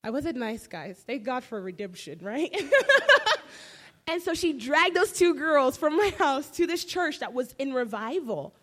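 A woman's voice: high-pitched, lively intonation, normal speed, few pauses. A young woman giving an emotional personal faith testimony, telling her story animatedly with many fillers. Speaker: testimony speaker.

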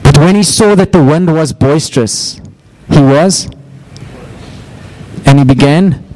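Mellow-voiced male preacher. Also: measured pace, low-quality recording. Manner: storytelling, acts out quotes with raised pitch. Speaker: pastor. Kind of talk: sermon.

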